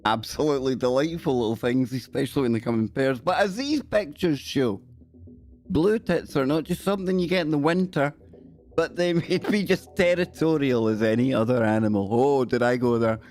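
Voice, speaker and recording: A man hosts a live stream, reading out odd news with a cheeky, joking delivery. He sits at a middling pitch and keeps cracking himself up. Faint music plays behind him. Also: a little mellow. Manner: cheeky, joking, often laughing.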